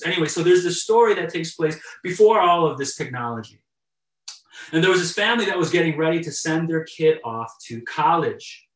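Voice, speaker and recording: A man's voice: fairly high pitch, distant mic. Man telling a sermon story in an echoey room. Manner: conversational, warm storytelling with chuckles and repeated starts. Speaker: pastor.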